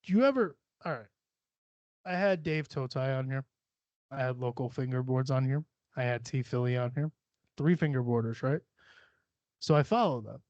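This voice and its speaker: A man's voice: medium pitch, normal speed, pauses often, a little mellow, dry recording. A man hosting a podcast, chatting casually in a rambling, profane way and laughing often. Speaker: podcast host. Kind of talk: casual solo podcast chat. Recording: dull, lo-fi sound.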